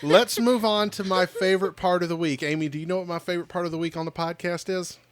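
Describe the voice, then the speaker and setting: A man's voice: sits high, steady tone, fast talker, smooth. A man co-hosting a podcast, chatting playfully and joking with his daughter. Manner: playful, jokey. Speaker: podcast co-host, father. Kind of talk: casual podcast chat.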